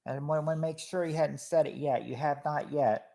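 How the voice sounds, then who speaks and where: A man's voice: a little high, fairly even intonation, moderate pace, creaky. Man hosting a game night. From Kentucky. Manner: chatty, stumbling restarts, trails off quietly. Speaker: game host reading out guesses. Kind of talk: casual livestream game commentary.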